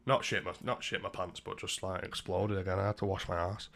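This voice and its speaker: A man's voice: low voice, little pitch movement, brisk, vocal fry, fairly bright tone. A young man livestreaming from a room at home, chatting casually with his viewers in a crude, rambling way and swearing a lot. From Britain.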